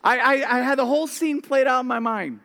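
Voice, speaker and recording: A man preaching a sermon as a pastor, telling stories with lively acted-out voices and often repeating words as he starts sentences. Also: very high voice, fairly quick, vocal fry. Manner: animated storytelling, acting out voices.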